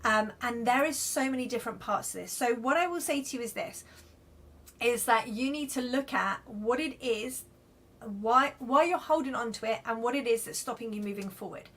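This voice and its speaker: High-voiced chatty woman card reader. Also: moderate pace, fairly bright tone. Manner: chatty, reassuring, lots of "okay?" and "right?". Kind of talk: live-stream card reading.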